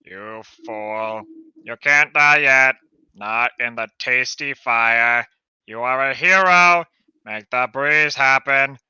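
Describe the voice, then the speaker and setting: A man voicing a pushy, loud character who shouts orders at a hero, in a theatrical, demanding way. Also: medium pitch, slow pace, clean tone, no room sound, dull audio, pitched below the performer's own voice. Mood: bossy.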